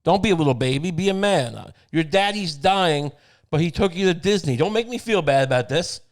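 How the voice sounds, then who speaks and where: A man's voice: medium pitch, normal speed, lightly acted. A man playing a dying father who guilt-trips his young son in a profane, exasperated rant.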